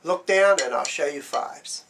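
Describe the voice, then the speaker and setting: A man's voice: on the high side, unhurried, gravelly. A man teaching drum strokes, explaining plainly and counting beats aloud as he demonstrates. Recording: loud background noise.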